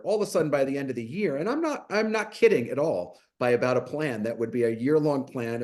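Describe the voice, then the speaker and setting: Appearing as a mental health guest in a webinar discussion, a man with a medium-pitched voice speaks animatedly and poses plenty of rhetorical questions.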